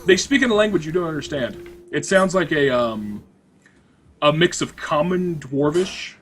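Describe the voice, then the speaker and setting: A man's voice: fairly high pitch, expressive, a bit bright, slight background noise. A man running a tabletop role-playing game as game master, narrating with many restarts and fillers. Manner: halting, filler-heavy narration.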